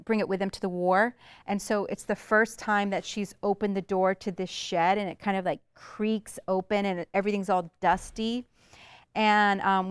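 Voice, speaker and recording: A woman's voice: mid-range voice, clear, resonant tone, dry recording, clean studio sound. A woman teaching a literature lesson in a chatty way, with many fillers as she explains and reads aloud.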